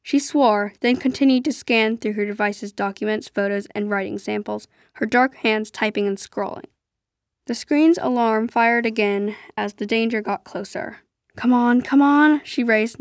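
A woman narrating an adventure story aloud in a steady storytelling way. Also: fairly high pitch, no room sound, studio quality. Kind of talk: storybook reading.

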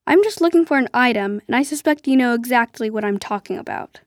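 A woman voicing a fierce young female thief warrior who growls threats, higher and louder than her narration. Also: expressive, no echo, clean studio sound. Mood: sly. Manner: growling threats, brisk and impatient.

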